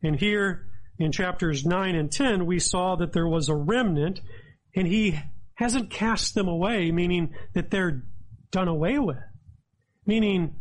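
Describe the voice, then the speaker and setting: A man with a high voice preaches a sermon. He talks with earnest emphasis and reads scripture aloud as he explains it verse by verse. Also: measured pace, rough recording. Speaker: pastor.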